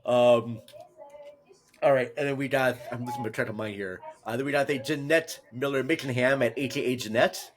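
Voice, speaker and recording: A man from Minnesota hosting a casual podcast chat, rambling and halting with lots of fillers. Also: mid-range voice, a little hiss or hum. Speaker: podcast host.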